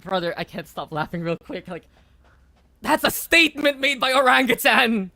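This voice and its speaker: A woman's voice: on the high side, moderate pace, creaky, no echo. A woman calling esports play-by-play, her voice surging on big plays. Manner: excitable, rises sharply on big plays. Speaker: esports caster. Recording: music playing behind.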